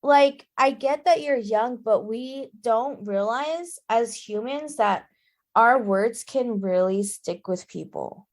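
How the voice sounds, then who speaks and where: A woman co-hosting a casual book-club podcast, who talks in an emphatic, exclamatory way and is quick to get indignant. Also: a little high. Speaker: podcast co-host.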